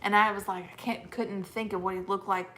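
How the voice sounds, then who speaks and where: A woman co-hosting a homestead channel, chatting casually and telling stories with lively laughter. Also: mid-range voice, fairly quick, slight background noise. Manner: animated, laughing storyteller. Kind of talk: casual chat.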